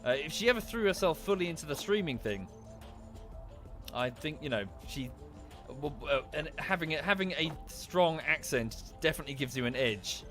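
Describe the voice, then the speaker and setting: A man's voice: a little high, animated, moderate pace, fairly bright tone, soft background music. A man with an Estuary English accent chatting casually while playing a game, thanking viewers by name and thinking aloud. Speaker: streamer. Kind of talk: casual gameplay commentary.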